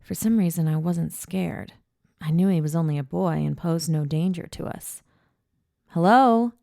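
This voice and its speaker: Low, gravelly woman narrating an audiobook. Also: steady tone, moderate pace, dark tone, no echo, studio quality. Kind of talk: scripted first-person audiobook narration.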